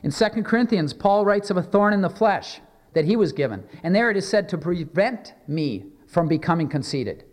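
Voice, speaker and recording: A man's voice: high-pitched, very animated. Earnest male pastor preaching in a reverberant hall. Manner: earnest, measured preaching with slow emphatic scripture readings. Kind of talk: sermon.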